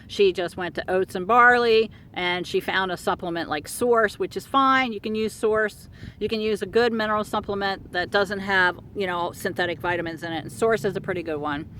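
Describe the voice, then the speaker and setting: Middle-aged woman rambling through a story, so-anyways type, animated, faint vehicle rumble in back. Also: moderate pace. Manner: rambling, animated, many fillers and restarts. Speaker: horse care practitioner telling a client story. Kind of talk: casual storytelling.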